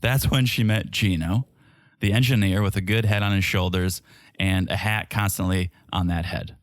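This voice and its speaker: A man's voice: low voice, fairly even intonation, normal speed, no room sound, clean studio sound. A man co-hosting a podcast, recapping a reality show with wry, sarcastic commentary. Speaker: podcast co-host. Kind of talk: casual recap chat.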